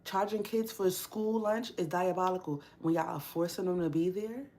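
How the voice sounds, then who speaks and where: A young woman chats on a casual livestream from a home workspace. Her voice sits a little low, and she rants bluntly, swearing often and pressing each opinion hard. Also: normal speed, a little mellow. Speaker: livestream host.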